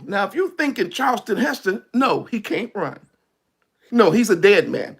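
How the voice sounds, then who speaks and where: A male preacher, telling a story in an animated sermon, laughing and shouting at peaks. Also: high voice, unhurried, gravelly, slightly rough.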